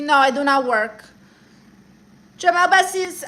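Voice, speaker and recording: High, bright, sassy woman streamer. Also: a little slow. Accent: Spanish-accented English. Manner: sassy, reads chat aloud and teases viewers. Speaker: livestream host. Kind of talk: live stream chat, comedic.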